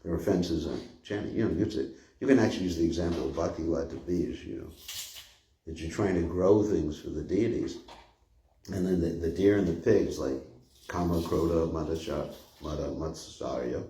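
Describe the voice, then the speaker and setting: A man's voice: rumbling low, moderate pace, warm tone. An older man giving an informal scripture class, rambling and conversational, often chuckling. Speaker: spiritual teacher giving a class. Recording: echoey room.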